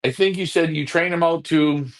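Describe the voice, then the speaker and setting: A man's voice: on the high side, moderate pace. A man, co-hosting a live pigeon-club stream, ranting bluntly and repeating himself when fired up. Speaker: pigeon racing club co-host.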